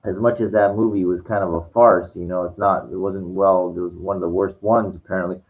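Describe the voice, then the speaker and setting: A man with a very deep voice retells a film scene in a loose, casual way. He rambles, restarts sentences and leans on fillers. The recording sounds dull and lo-fi. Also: flat delivery, a little fast. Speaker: vlogger.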